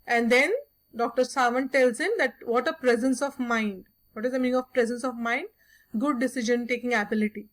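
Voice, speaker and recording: A woman's voice: fairly high pitch, fairly even intonation, fairly quick. A woman teacher explaining a story to a class, repeating "okay" often.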